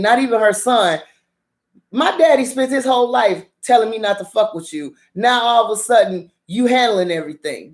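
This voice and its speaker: A woman talks through a drama recap in a loose, profane, animated way. Her voice sits a little high, and she breaks into laughter often. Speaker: drama review vlogger. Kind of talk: casual drama recap rant.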